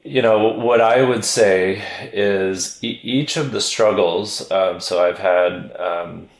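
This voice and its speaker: A middle-aged man, a neuroscientist from the American South, speaking in a measured, reflective way as a podcast guest. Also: fairly low pitch, fairly even intonation, echoey room, rough recording. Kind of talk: podcast interview.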